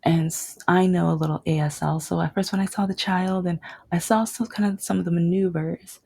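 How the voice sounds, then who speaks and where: A woman's voice: lowish voice, fairly even intonation, a little fast, vocal fry, darkish tone, slightly rough, no room sound. A young woman telling a personal story, rambling with restarts and dropping to a whisper at tender moments. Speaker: vlogger.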